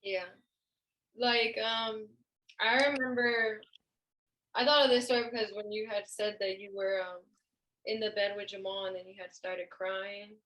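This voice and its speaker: A woman's voice: medium pitch, fairly even intonation, a little slow, a bit bright, low-quality recording. A young woman co-hosting a podcast, telling a personal story in casual chat and acting out what people said. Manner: storytelling, acts out quoted voices. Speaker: podcast co-host.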